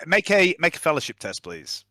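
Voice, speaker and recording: A man as game master narrating a tabletop role-playing session, relaxed and full of fillers. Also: on the high side, fairly quick, dry recording, clean studio sound. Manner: relaxed, with frequent fillers and restarts.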